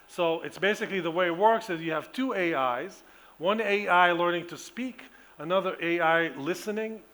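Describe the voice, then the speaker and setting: Bright-voiced man giving a conference talk. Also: high-pitched. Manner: enthusiastic explainer with frequent ums and restarts. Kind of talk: conference keynote. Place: conference stage.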